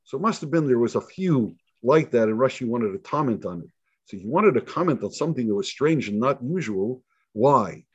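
This rabbi speaks at medium pitch, fairly quickly, with a breathy edge, in a dry, dull lo-fi recording. His Torah lesson is informal, full of stories whose dialogue he performs with plenty of repetition.

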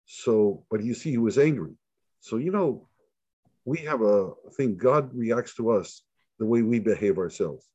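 Medium in pitch and moderate in pace, the man's slightly rough voice sits in a dry recording with dull lo-fi quality. As a rabbi teaching Torah informally, he tells stories animatedly, acting out lines and repeating himself often.

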